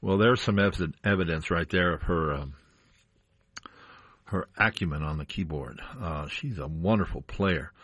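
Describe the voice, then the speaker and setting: A man with a very deep, slightly breathy voice hosts a jazz radio show. He talks easily and chattily between records, tossing in little jokes. The studio sound is close and dry. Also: a little slow, no room sound. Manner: relaxed, chatty, joking asides. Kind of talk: casual on-air chat. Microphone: studio microphone.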